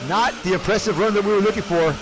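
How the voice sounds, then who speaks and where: A man commentating a sim race live, animated and shouting in bursts, often repeating words quickly. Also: sits high, background noise. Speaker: race commentator and league team owner.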